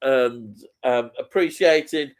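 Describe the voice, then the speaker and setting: Slow-talking man reading comments. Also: mid-range voice. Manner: unhurried, lots of ums, laughs easily. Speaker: co-host reading viewer comments. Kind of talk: casual live-stream chat.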